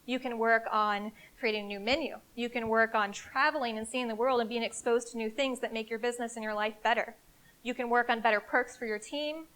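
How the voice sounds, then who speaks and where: Energetic woman giving a live talk. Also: on the high side, fairly quick. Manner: energetic, conversational, emphatic. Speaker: CEO giving a marketing presentation. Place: event room before a live audience.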